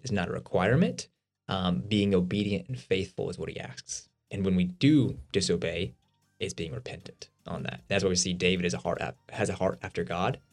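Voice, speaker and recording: A man co-hosting a podcast, explaining faith ideas quickly in a casual, conversational way with everyday examples. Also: low voice. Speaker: podcast co-host.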